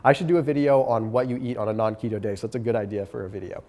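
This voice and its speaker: Fast-talking man, nasal from a cold. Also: mid-range voice, steady tone, darkish tone, long reverb tail. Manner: quick, direct and coaching. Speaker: host answering viewer questions. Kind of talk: casual Q&A advice.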